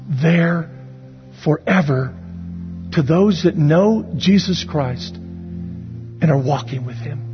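High-voiced pastor preaching earnestly. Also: male voice, slow, pauses often, highs cut off, faint music behind. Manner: earnest, repeated searching questions. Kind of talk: sermon.

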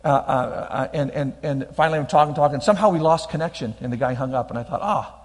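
A man's voice: mid-range voice, fast talker. A middle-aged man preaching a sermon, emphatic and repeating his key lines, with frequent restarts as he tells a personal story. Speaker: pastor. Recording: long reverb of a large hall.

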